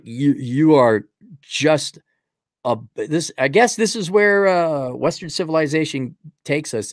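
A man's voice: medium pitch, dry recording, clean studio sound. A man hosting a livestream, giving blunt, rambling, sarcastic opinions in casual talk. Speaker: livestream host.

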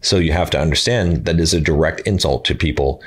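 A man's voice: brisk, husky. A man giving blunt dating advice to his viewers in a casual monologue, acting out quoted lines. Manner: blunt, emphatic, acts out quoted lines with higher pitch.

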